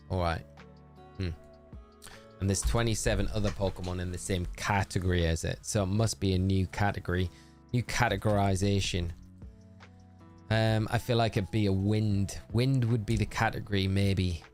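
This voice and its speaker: A man chatting on a live stream, reading out viewer messages and thinking aloud. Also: sits low. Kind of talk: casual live-stream chat.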